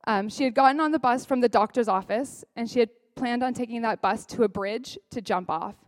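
A woman telling a personal testimony in a sermon, as a lively storyteller who acts out the dialogue. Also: on the high side, brisk, no echo. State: briefly choked up. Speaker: speaker sharing a personal testimony.

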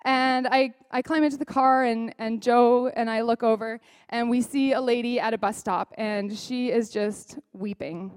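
Higher-voiced woman telling a sermon story. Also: normal speed, hardly any pauses, clean tone, no echo. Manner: lively storyteller, acting out dialogue. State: briefly choked up. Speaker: speaker sharing a personal testimony.

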